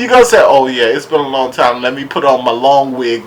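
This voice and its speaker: A man casually recapping and reviewing a TV episode, animated and laughing as he acts out what people said. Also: medium pitch, a little fast, low-quality recording. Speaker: show reviewer.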